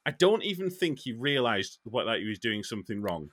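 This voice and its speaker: English driver, bright tone, lively pitch, stammers through explanations. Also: male voice, brisk, no room sound, clean studio sound. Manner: stammering restarts while explaining. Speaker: professional driver. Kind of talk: casual chat.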